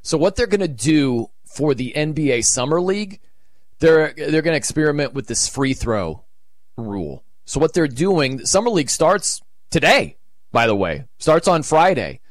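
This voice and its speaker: A man hosting a sports radio show, talking casually and acting out excited and deflated reactions. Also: fairly high pitch, normal speed, no room sound, studio quality. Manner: animated, acts out quoted reactions.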